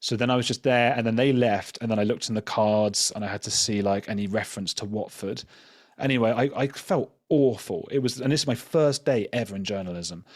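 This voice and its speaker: Low-voiced man telling stories. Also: a little fast, no echo, clean studio sound. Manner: rambling, self-deprecating, many "like" fillers. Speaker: journalist and podcast guest. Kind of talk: casual storytelling in an interview.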